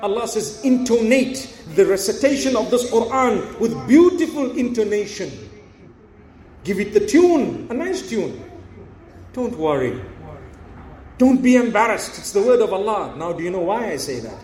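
A man with a high, light voice delivers a sermon in a roomy, echoing hall. He speaks earnestly to his audience, coaxing and encouraging them with rhetorical questions. The reverberation of the room hangs on each phrase. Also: very animated, normal speed, darkish tone, slight background noise. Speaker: Islamic preacher.

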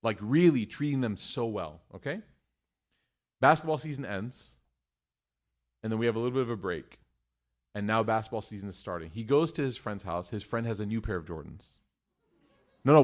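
A middle-aged man giving a religious talk, telling a family story in an animated way, acting out quotes and using Arabic phrases. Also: medium pitch, moderate pace, long pauses. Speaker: Muslim speaker.

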